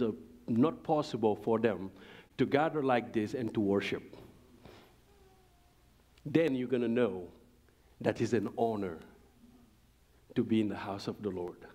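Slow, fervent man preaching. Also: mid-range voice, a little mellow. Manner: fervent, preaching cadence with grammar slips. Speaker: guest speaker. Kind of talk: church testimony. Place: church sanctuary.

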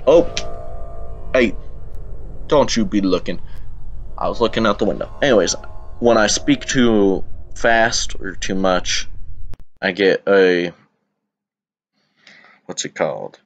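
A man's voice: on the low side, takes it slowly, pauses often, lo-fi sound, slight background noise. A young man with a Southern US accent, giving rambling, casual let's-play commentary from home on his computer camera mic. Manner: rambling, chatty, self-interrupting. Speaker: gameplay YouTuber.

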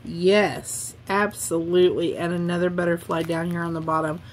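A woman with a lowish voice hosts a craft channel, chatting casually as she unboxes handmade cards someone sent her. She gushes effusively over them, keeping her intonation fairly even at a normal speed, with slight background noise.

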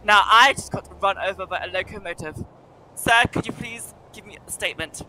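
A woman's voice: medium pitch, fairly quick, bright, forceful tone, a little hiss or hum, voice pushed down. A woman voicing a dramatic, self-important female socialite vlogger who calls everyone darlings and shrieks when upset. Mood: posh vlog. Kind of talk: role-play vlogging.

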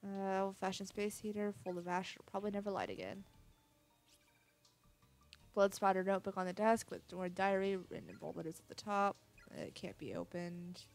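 A woman's voice: mid-range voice, level tone, moderate pace, soft background music. A woman playing a horror game, reading every character's lines aloud in her own voice. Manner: reads all characters in her own voice, lightly acted. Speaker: let's play gamer.

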